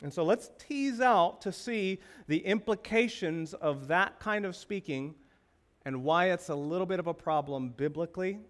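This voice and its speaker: A man's voice: high-pitched, normal speed, fairly bright tone. A male pastor preaching a sermon, asking the congregation rhetorical questions with emphasis.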